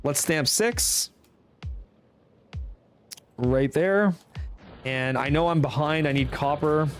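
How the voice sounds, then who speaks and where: With faint music in the background, a young man with a Canadian accent and a voice on the high side speaks slowly. As a speedrunner streamer, he gives casual live commentary over gameplay, explaining his moves and thinking aloud through a game guide.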